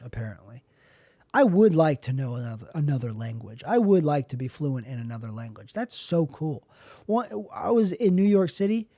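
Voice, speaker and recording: Rambling man with a mellow voice. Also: on the high side, dry recording, clean studio sound. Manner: rambling, self-deprecating, jokey digressions. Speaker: podcast host. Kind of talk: rambling comedic monologue.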